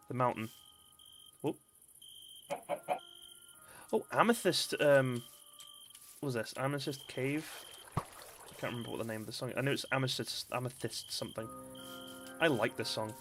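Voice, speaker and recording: A man's voice: mid-range voice, fairly bright tone, slight background noise. Chatty man streaming a game. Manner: chatty, rambling, laughs often. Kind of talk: casual let's-play commentary. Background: faint game music.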